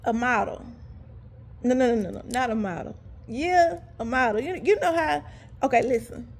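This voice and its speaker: A woman's voice: a little high, moderate pace. A woman telling a story to her viewers in a casual, chatty way, talking straight to them and laughing as she goes. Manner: animated, laughs while telling. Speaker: vlogger.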